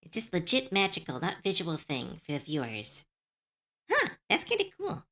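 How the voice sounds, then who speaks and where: A woman's voice: fairly low pitch, wildly swooping pitch, normal speed, sharp tone. A young adult woman streamer chatting casually on a live stream, chatty and self-deprecating, laughing often.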